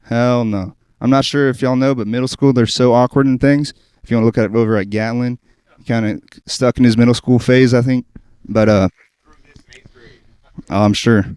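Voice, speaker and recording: Teacher guy, self-deprecating jokes, smooth voice, dry mic. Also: medium pitch, fairly even intonation, fairly quick, long pauses, darkish tone, dry recording. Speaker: schoolteacher and comedian. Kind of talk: stand-up set on a podcast. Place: podcast studio.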